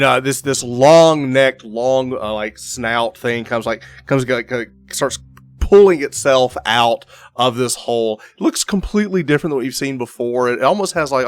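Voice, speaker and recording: A man running a tabletop game as game master, describing the scene in a halting way full of fillers and restarts. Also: mid-range voice.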